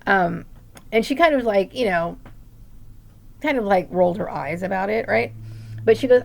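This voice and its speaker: A woman's voice: mid-range voice, lively intonation, moderate pace, gravelly, long pauses. A middle-aged woman venting in a rambling personal vlog monologue, indignant, with many restarts and tag questions. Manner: rambling, indignant, full of "right?" tags and restarts. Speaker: vlogger.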